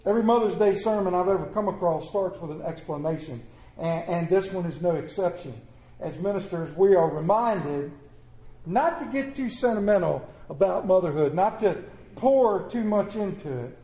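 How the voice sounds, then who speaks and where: Male pastor, sermon, high voice, humorous storytelling, reverberant hall. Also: mellow. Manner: storytelling with humor, call and response.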